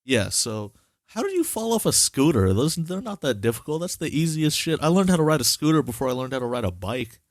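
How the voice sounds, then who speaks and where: A man's voice: fairly high pitch, sing-song, fairly quick, no room sound, studio quality. A young man hosting a casual podcast chat, teasing his co-host and swearing freely. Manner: blunt, profane, teasing.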